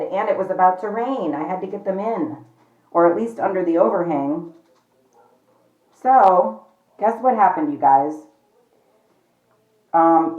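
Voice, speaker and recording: A woman vlogging at home in a chatty, rambling way, often calling her viewers "you guys". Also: on the low side. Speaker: pet vlogger. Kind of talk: casual chat to camera. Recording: echoey, slightly dull home recording.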